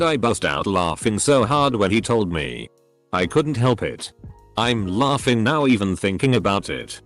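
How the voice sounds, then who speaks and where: Male narrator reading stories, low voice, animated pitch, soft music bed. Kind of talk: scripted story narration.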